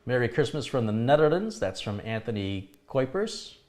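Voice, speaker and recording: A man's voice: mid-range voice, sing-song, moderate pace, darkish tone. A middle-aged man hosting a live chat stream, reading viewer comments aloud and answering them in a chatty way, laughing now and then at his own remarks.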